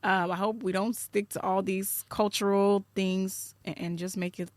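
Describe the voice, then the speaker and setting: A woman's voice: mid-range voice, little pitch movement, normal speed, no echo. A young adult woman hosting a podcast, chatting casually and retelling stories. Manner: conversational, retelling stories with quoted voices. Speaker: podcast host. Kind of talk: casual chat.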